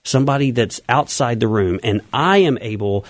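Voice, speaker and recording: A man's voice: mid-range voice, animated, moderate pace, no echo. A man being interviewed on the radio as an event organizer and coach, explaining his plans eagerly and at length.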